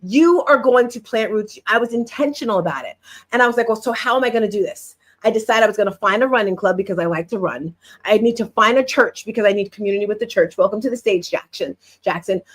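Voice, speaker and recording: A middle-aged woman from New Jersey hosting a podcast, telling a story in a lively, animated way and acting out what others said. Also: medium pitch, quick pace. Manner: lively, animated retelling with quoted voices. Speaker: podcast host. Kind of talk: casual storytelling to listeners.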